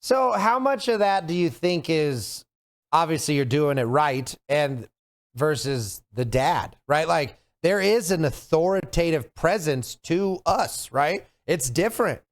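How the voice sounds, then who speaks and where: Guy co-hosting a podcast, bit higher voice, laughs and agrees a lot. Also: animated. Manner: chatty, quick to laugh and agree. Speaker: podcast co-host. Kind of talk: casual chat.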